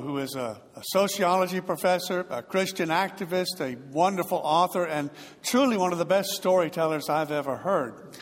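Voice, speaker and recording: A man preaching a sermon in a slightly high voice, telling stories with big dramatic swells in volume. His words ring out with a long reverb, as in a large church. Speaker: pastor.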